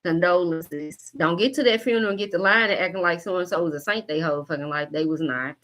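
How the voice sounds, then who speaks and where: A woman's voice: lowish voice, fast talker, a bit bright. A woman in her forties giving a casual spiritual reading to camera. She is blunt and profane, jokes a lot and laughs often. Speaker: tarot reader and coach.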